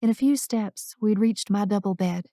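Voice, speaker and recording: Gravelly-voiced woman narrating a romance. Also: mid-range voice, normal speed, mellow, no room sound, studio quality. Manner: intimate, emotional reading. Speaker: audiobook narrator. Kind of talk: scripted first-person romance narration.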